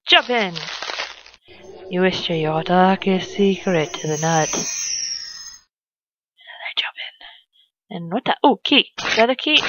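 A woman's voice: medium pitch, noisy background. A young woman commenting on her game as she plays, chatty and swearing as she reacts. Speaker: gamer. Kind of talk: let's play commentary.

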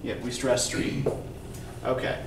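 A male college English instructor giving a classroom lecture, explaining step by step and checking in with "right?". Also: slow. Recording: echoey classroom from far off, faint noise.

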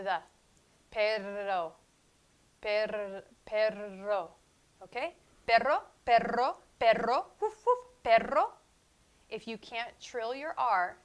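Slow, deliberate woman teaching pronunciation. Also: medium pitch. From not from Spain. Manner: slow, deliberate, demonstrates each sound aloud. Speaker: Spanish teacher. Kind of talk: pronunciation lesson.

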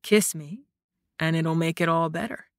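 A woman's voice: low voice, steady tone, measured pace, dry recording, clean studio sound, pitched below the performer's own voice. A woman voicing a playful, injured young male warrior who mumbles lazily and hams up his pain. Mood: teasing. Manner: lazy, mumbling, mock-dramatic.

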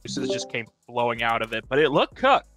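A man's voice: medium pitch, sing-song, a little fast, fairly bright tone, soft background music. A man chatting offhandedly with friends on a game stream. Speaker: stream co-player. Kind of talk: casual gaming chat.

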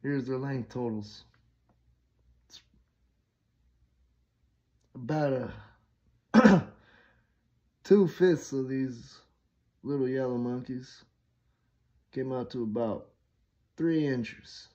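A man's voice: mid-range voice, very slow, long pauses, warm tone. A man voicing a smug young woman student presenting a chart in a lecturing way, on a dull lo-fi recording.

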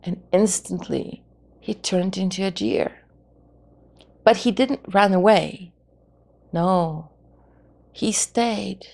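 A woman storyteller telling a folk tale in a gentle, expressive way. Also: mid-range voice, slow pace, creaky, pauses often.

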